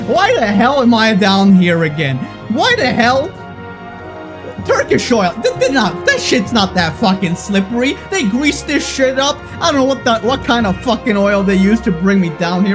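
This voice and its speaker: A foul-mouthed streamer riffing live over a game, the voice bouncing all over its range as it lurches between giddy and fed up. Faint music plays underneath the whole time. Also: medium pitch. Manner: profane, excitable, swings between giddy and exasperated. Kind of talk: live gaming stream commentary. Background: faint background music.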